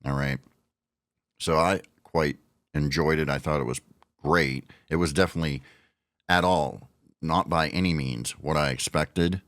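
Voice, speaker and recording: A man's voice: extremely low pitch, fairly even intonation, measured pace, pauses often, fairly bright tone, no room sound, studio quality. A man in his forties hosting a podcast, casually recapping and giving blunt opinions in a conversational way. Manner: blunt, conversational, recaps events with quoted lines. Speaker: podcast host. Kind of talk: casual wrestling commentary.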